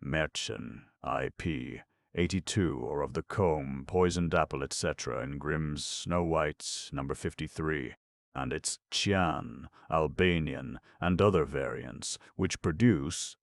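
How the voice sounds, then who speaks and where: A man reading folk tales and scholarly notes for an audiobook, steady and plain. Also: very deep voice, slow, gravelly, dry recording, studio quality. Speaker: audiobook narrator.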